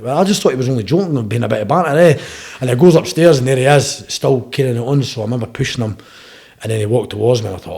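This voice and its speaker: A man's voice: medium pitch, vocal fry, a little mellow. A young Scottish man chatting as a podcast guest, telling rambling stories and tagging his sentences with "eh?". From Scotland. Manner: rapid, rambling storytelling with frequent "eh?" tags. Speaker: podcast guest, bare knuckle boxer. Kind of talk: casual interview chat.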